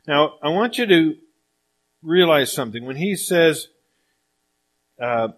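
Male preacher, slightly high pitch, lively sermon storyteller. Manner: animated storytelling, speeds up and slows down. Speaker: pastor.

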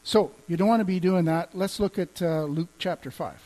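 A man with a high-pitched, mellow voice speaks at a moderate pace over a rough recording. As a pastor teaching on healing and faith, he talks conversationally, quotes scripture, and chuckles now and then.

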